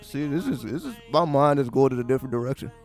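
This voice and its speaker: A man's voice: mid-range voice, expressive, quick pace, a little mellow. A man giving casual livestream commentary, profane and sarcastic, firing off repeated rhetorical questions. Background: faint background music.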